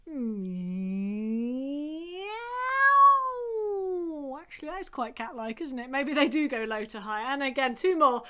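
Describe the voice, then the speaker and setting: A woman with a Scottish accent leading a singing group's online warm-up, gentle and encouraging with light laughs. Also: high-pitched, brisk, few pauses. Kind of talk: online vocal warm-up class. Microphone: home recording for video.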